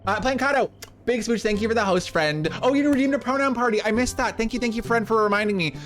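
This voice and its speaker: A man's voice: very high-pitched, fast, a bit bright. A man live-streaming a game, chatting casually and rambling as he thanks viewers. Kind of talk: casual live-stream chat while playing.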